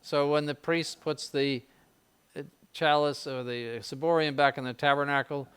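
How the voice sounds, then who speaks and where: A man's voice: on the high side, steady tone, moderate pace, a bit bright, clean tone. An older man, a bishop, giving an informal spiritual conference to seminarians, conversational with frequent restarts and dry ironic asides. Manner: conversational, repeats words, mild jokes, ironic asides.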